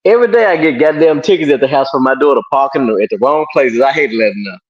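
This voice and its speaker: A man's voice: medium pitch, expressive, fast talker, highs cut off. A man hosting a casual livestream, bantering loosely and cursing freely with his guests. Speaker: livestream host.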